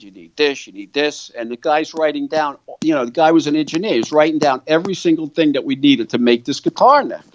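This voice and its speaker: An older man who founded a guitar company tells a long story in an interview, animatedly acting out what other people said. His voice sits fairly high, and the lo-fi recording has no room sound.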